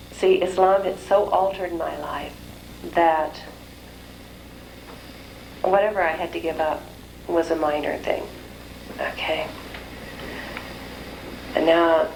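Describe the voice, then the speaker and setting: Low-voiced woman telling her story. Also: creaky, low-quality recording. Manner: animated storyteller, acts out quoted voices. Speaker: speaker giving a talk. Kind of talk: personal story told to an audience. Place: lecture hall. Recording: faint background noise, 1990s talk.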